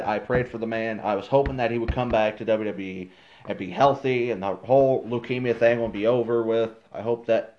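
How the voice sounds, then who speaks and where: A man in the middle of a casual fan rant, excitable and exasperated, stumbling over fillers and restarting his sentences. His voice sits at an ordinary middle pitch. It comes through a dull, lo-fi phone recording. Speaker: wrestling fan commentator.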